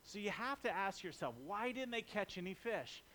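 A man's voice: sits high, lively intonation, normal speed, pushed and bright, a little hiss or hum. A man preaching a sermon in a conversational way, mixing jokes and acted-out quotes into his points.

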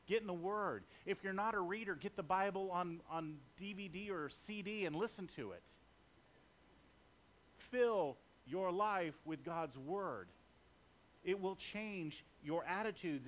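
A man's voice: sits high, a bit bright, slight background noise. A man preaching a sermon in a conversational way, mixing jokes and acted-out quotes into his points.

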